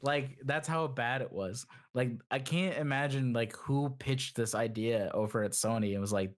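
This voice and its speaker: A man's voice: mid-range voice, normal speed, hardly any pauses. Rambling young male podcast co-host. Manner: rambling, heavy use of "like", mocking impressions. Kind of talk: casual chat.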